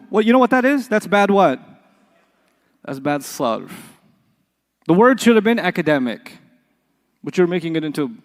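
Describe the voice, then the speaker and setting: A man's voice: high-pitched, in a large hall. A man teaching an Arabic class, quizzing the students with call-and-response questions and playful examples. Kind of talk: classroom lecture.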